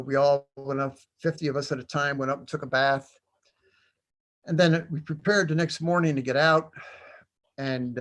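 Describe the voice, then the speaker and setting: An older man recounting his service days as a panel guest. He rambles through anecdotes with frequent fillers and small chuckles, his voice sitting a little high for a man. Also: a bit bright. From United States. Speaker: veteran panelist. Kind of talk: storytelling on a panel.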